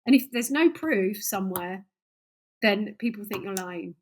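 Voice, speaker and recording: A woman's voice: medium pitch, expressive, measured pace. A woman, a singer guest on a podcast, chatting casually and laughing often as she tells stories. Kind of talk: casual interview chat.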